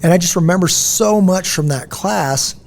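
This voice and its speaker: A man's voice: sits high, normal speed, gravelly. A middle-aged man hosting a casual podcast conversation, telling stories and acting out quoted voices. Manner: storytelling, animated, acts out quotes. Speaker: podcast host.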